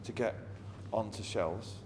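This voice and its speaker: A man's voice: lowish voice, a little slow, darkish tone. Blunt Mancunian man telling stories. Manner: blunt, heavy swearing, wry. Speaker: musician being interviewed. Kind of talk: anecdotal interview storytelling. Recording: long reverb with faint ambient noise.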